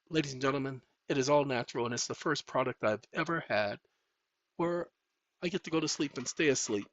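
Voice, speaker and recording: A man's voice: mid-range voice, a little fast, fairly bright tone, no room sound. A tired man hosting his channel in a casual, weary, rambling monologue. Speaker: YouTube channel host. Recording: dull dry recording.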